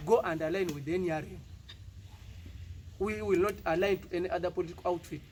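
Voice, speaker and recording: Ugandan male politician at a press statement, high-pitched, forceful repetitions, light noise behind. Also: steady tone, fast. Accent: Ugandan English. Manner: defiant, emphatic, rhetorical repetition. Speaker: party politician.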